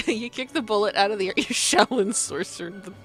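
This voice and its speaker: A woman's voice: medium pitch, fairly quick, fairly bright tone, faint music behind. A woman narrating as game master of a tabletop game, often breaking into laughter.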